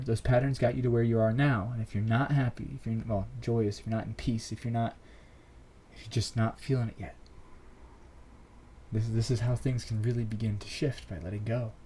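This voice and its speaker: A man speaks in a mellow, unforced voice as he hosts his own podcast. He coaches listeners through a motivational monologue, repeating short phrases in an earnest, encouraging way. A faint hum of ambient noise sits under his voice. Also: medium pitch, poor audio. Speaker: podcast host.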